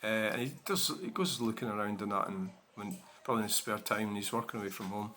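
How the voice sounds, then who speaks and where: A man's voice: fairly low pitch, quick pace, pushed and bright, a little hiss or hum. Rambling man chatting to his viewers. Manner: rambling, many fillers and restarts. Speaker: channel host. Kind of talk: casual chat to camera.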